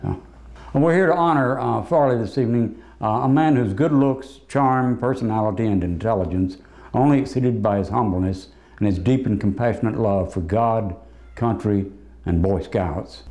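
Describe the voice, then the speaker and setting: Male roast comic, dark low voice, dry hesitant delivery, club stage. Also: moderate pace. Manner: deadpan joke delivery with hesitant fillers. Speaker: roast comedian. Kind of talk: stand-up roast.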